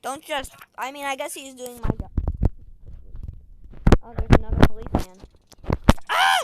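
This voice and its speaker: A woman giving casual game commentary, excitable, shrieking and giggling as she plays. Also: sits high, normal speed, pauses often. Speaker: gamer. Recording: loud background noise.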